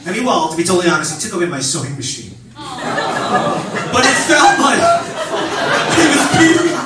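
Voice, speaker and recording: A man doing a stand-up comedy set in a club, animated and camp, jumping into high squeaky voices for the people he quotes. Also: normal speed, over a noisy crowd. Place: comedy club stage before a laughing audience. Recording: echoey club recording, distant, noisy.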